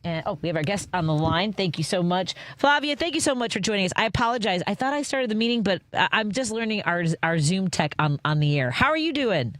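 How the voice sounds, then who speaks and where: A woman's voice: medium pitch, animated, no room sound. Chatty woman radio host, dry sound. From Chicago area. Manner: chatty, self-deprecating, quick asides. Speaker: radio talk show host. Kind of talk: casual radio chat.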